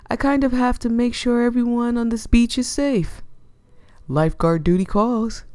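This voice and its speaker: A woman's voice: fairly low pitch, warm tone, no room sound. A woman voicing a cocky young male lifeguard in a visual novel, smug and teasing, recorded close on a dry mic. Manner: smug, teasing, self-important. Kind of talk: visual novel read-aloud.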